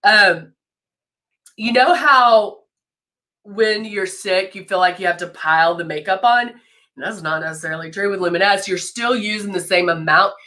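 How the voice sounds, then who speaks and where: Woman, head cold, nose stuffed up; clear bright tone, chatty live-stream makeup host. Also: medium pitch, moderate pace. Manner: chatty, greets viewers by name, laughs often. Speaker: brand educator hosting a live makeup demo.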